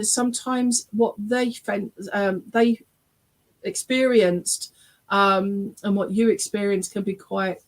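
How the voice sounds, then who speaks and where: A woman's voice: medium pitch, low-quality recording. A woman gives a mediumship reading during an online church service. She talks in a chatty, friendly way. She often laughs and keeps checking in with the listener. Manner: chatty and warm, often checking in with "all right?" and "okay?"; laughs often while talking. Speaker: spiritualist medium.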